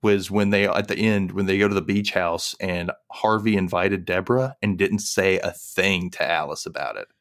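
A man in casual chat about a book, talking quickly and animatedly and acting out the characters' lines as he goes. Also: deep voice, a bit bright. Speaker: book discussion co-host.

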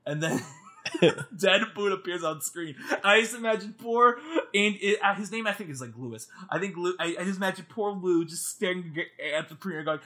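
Casual co-host: man, high and bright voice, very animated delivery. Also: normal speed. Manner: animated, laughing, mock-screaming. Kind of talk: casual movie chat.

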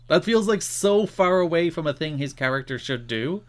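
A man with a fairly high voice co-hosts a casual podcast chat. He rants with exasperation, and his pitch swings widely as he talks. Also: moderate pace. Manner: animated, exasperated ranting. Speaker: podcast co-host.

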